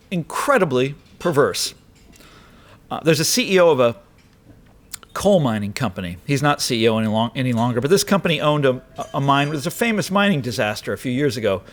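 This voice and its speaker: Man, political speech, slightly high voice, emphatic, repeats lines for effect, wry asides. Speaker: speaker. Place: lecture hall.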